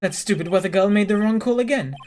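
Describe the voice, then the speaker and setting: A man's voice: medium pitch, animated, brisk, slight background noise, lightly acted. A man voicing a pompous, condescending male doctor, reading game dialogue aloud.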